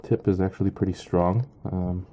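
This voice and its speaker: Hesitant deep-voiced man. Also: steady tone, warm tone, a little hiss or hum. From Canada. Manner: hesitant, halting, full of ums and uhs. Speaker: knife reviewer. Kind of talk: casual product review.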